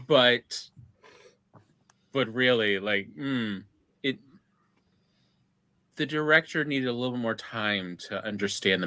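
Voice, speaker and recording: Podcast co-host, bright sharp tone, dry close sound, wry jokes. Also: medium pitch, dry recording. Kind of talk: casual chat.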